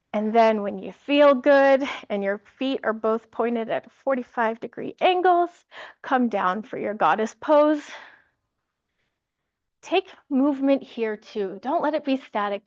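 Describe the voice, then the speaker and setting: A woman teaching a yoga class, giving calm, encouraging cues and laughing lightly now and then. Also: on the high side, no echo, highs cut off. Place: yoga studio with music.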